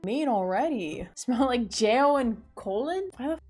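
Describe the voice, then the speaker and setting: A woman's voice: on the high side, expressive, a little slow, music in the background. A young woman in her twenties, a vlogger, chatting casually and sarcastically as she reads quiz questions aloud and mocks them. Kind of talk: casual vlog commentary.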